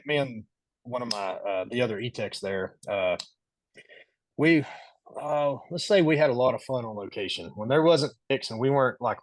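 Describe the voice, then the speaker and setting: A man's voice: mid-range voice, dry recording. A man guest on a podcast, telling stories casually and animatedly, laughing often and acting out the quotes. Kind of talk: casual storytelling.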